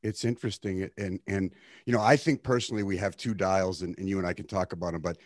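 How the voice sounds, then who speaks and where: Podcast host guy, really deep voice, dry sound, kinda thinking out loud. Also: fairly even intonation, quick pace, no room sound. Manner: reflective and hesitant, repeating words. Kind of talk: casual conversation.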